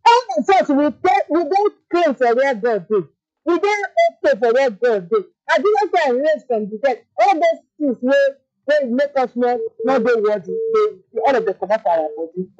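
A woman's voice: high-pitched, animated, normal speed, darkish tone, no room sound. A woman with a Nigerian Pidgin accent, preaching earnestly to a radio show as a caller. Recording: dull lo-fi, dry.

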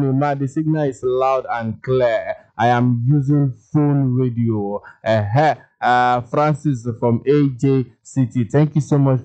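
A man with a Nigerian Pidgin accent hosting a radio phone-in show, lively and jokey as he reads listener messages aloud. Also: medium pitch. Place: radio studio. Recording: dull lo-fi radio broadcast.

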